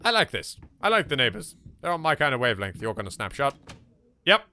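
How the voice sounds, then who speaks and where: Brief: English male gamer host, animated and bright, bantering with the game. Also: mid-range voice, fairly quick, a little hiss or hum. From England. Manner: animated, jokey, talks to objects, swears. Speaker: let's play host. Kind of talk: casual gameplay commentary.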